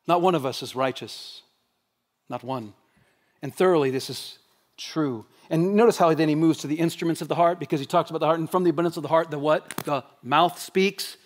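Higher-voiced man preaching with loud-quiet swings. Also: quick pace. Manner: animated preaching, rhetorical questions, swings between loud emphasis and hushed quiet. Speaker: pastor. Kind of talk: sermon. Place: church sanctuary.

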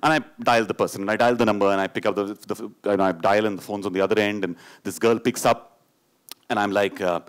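A middle-aged man from India with an Indian English accent, telling a personal story live on stage, moving from animated, playful telling into hushed, grave narration. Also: on the low side, fast. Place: stage before an audience.

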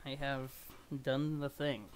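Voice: medium pitch, little pitch movement, slow pace, a little hiss or hum. A streamer chatting casually and rambling while reading through a webcomic on a live stream. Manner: rambling, self-deprecating, chatty.

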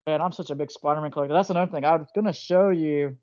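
A man hosting a casual interview, telling jokey stories in an animated way over a cell phone. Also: a little high, racing. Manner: joking, animated storyteller. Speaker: host. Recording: dull lo-fi phone call.

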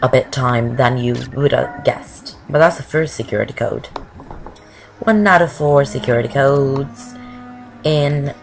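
Over game music, a gameplay commentator with a rumbling low voice chats casually through a walkthrough at a measured pace, her remarks often wandering off topic. The recording sounds rough.

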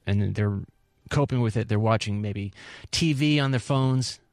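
A man co-hosting, reading news items aloud in a measured, mild, slightly hesitant way. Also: fairly low pitch, darkish tone, no echo, clean studio sound. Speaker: co-host reading news stories. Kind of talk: reading headlines in casual chat.

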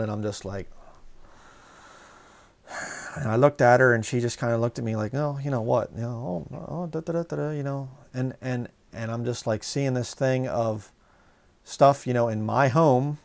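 A man's voice: mid-range voice, darkish tone. A man preaching a sermon, telling a rambling personal story full of fillers and rising into heated outbursts.

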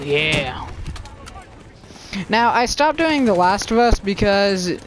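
A man hosting a gaming channel, giving excitable, rambling, silly commentary while he plays. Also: sits high, slow. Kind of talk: let's play commentary.

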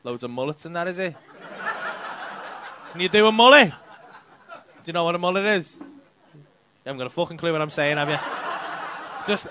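A man's voice: on the high side, expressive, a little fast, pauses often, sharp tone, slight background noise. A male stand-up comedian doing crowd work, teasing people in the audience with sweary banter. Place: comedy club stage.

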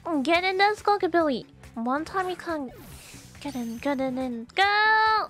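A young woman streaming a video game live, chatting to viewers with excitable gasps and squeals. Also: very high-pitched, unhurried, soft background music. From Australia. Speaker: VTuber streamer. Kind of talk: gameplay live stream chat.

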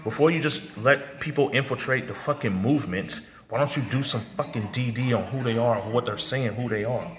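With a medium-pitched voice, a little fast and with few pauses, a man vlogs a hot, profane rant to camera. This music producer is confrontational and sometimes mocks others in exaggerated voices.

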